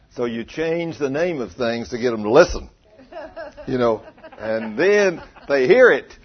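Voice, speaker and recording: A man preaching a sermon, telling stories in a folksy, animated way and rising to loud emphatic peaks. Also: mid-range voice, unhurried, husky. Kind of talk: sermon with storytelling. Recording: dull lo-fi recording.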